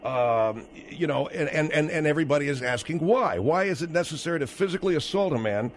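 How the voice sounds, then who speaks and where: Brisk male talk radio host. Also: a little high, lively intonation, a little hiss or hum. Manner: brisk, conversational, steers the call.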